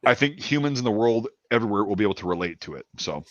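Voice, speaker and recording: A man's voice: lowish voice, lively intonation, no echo. Midwestern guy, stammery restarts, dull dry lo-fi audio. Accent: Midwestern American. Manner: halting, repeats words while building a point. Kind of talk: casual livestream chat.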